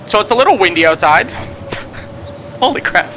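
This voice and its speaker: An excitable young man playing a survival game, his voice fairly high and swinging all over the place as he reacts out loud. He talks to himself between calmer narrated recaps. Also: a little slow, slight background noise. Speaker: gaming video creator. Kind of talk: let's-play commentary with voice-over narration.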